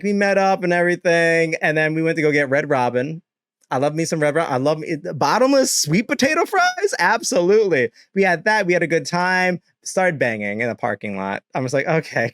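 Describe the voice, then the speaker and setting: Young man, casual storyteller, laughs a lot, slightly high voice. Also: fairly quick, no room sound, studio quality. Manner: animated, laughing often, swearing, acting out quotes. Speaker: streamer. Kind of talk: casual storytelling to a live chat.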